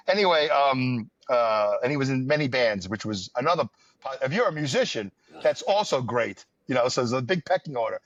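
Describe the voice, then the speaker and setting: A medium-pitched man from the US New York area hosts a podcast, chatting casually and telling wandering, wry stories laced with fillers. The sound is dull, lo-fi, and dry, without echo.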